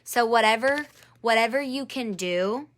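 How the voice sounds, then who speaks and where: A woman's voice: on the high side, unhurried, fairly bright tone. A woman doing a live-streamed angel card reading. She speaks to one viewer by name, encourages her, and repeats her phrases.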